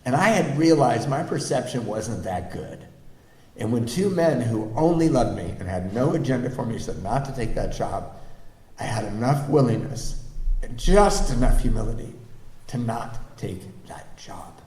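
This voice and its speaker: A man's voice: mid-range voice, animated, normal speed, a little mellow. A middle-aged man from the United States, a guest speaker at a recovery meeting, telling his own story to a live audience and acting out the people in it, laughing often. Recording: echoey meeting hall with faint ambience.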